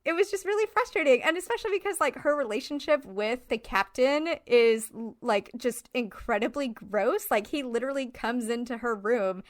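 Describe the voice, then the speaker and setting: A woman co-hosting a film podcast, giving a frustrated, animated critique in casual chat full of fillers. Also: a little high, moderate pace, hardly any pauses, dry recording, studio quality. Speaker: podcast co-host.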